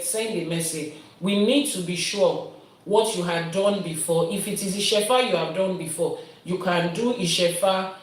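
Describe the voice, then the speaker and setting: A Nigerian woman, an Ifa priestess, patiently explains and answers viewer questions in a live-streamed teaching, building her points through everyday analogies. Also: on the low side. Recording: very echoey room, voice from a distance.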